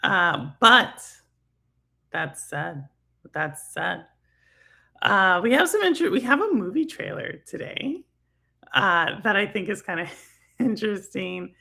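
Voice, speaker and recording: A woman's voice: medium pitch, sing-song, slow, vocal fry, long pauses, sharp tone. A middle-aged woman from Texas with a Texan accent, hosting a casual gaming talk stream and rambling with lots of fillers and laughs. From Houston, Texas. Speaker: livestream host.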